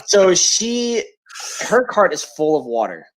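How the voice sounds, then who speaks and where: A man's voice: sits high, sing-song, takes it slowly, low-quality recording. A man in his thirties, co-hosting a podcast and telling a crude, profane story with acted-out quotes. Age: 30s. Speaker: podcast co-host.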